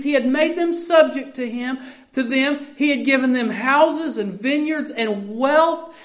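High-voiced woman preaching a sermon. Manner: reads scripture aloud, then explains it in plain, earnest talk with repeated words.

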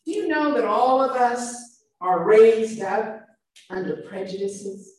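A woman's voice: on the high side, slow. Preaching woman in an echoey room. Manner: animated, shifting loud and soft emphasis. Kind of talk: sermon. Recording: echoey room, mic far off.

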